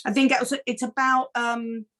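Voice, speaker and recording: A middle-aged woman, a foster carer and campaigner, answering interview questions in an earnest, animated way, with many restarts. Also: a little high, moderate pace.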